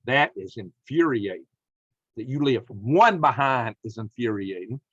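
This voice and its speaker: A man delivers angry political commentary, his pitch swinging widely as he rails against officials. The sound is dry and a little dull, as if from a lo-fi home setup. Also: expressive, measured pace, breathy edge, no echo. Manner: indignant, emphatic, apologizes to viewers.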